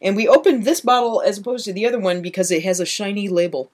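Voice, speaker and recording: A woman co-hosting a casual chat show, playful and teasing, quick to laugh. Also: medium pitch, darkish tone. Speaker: podcast co-host.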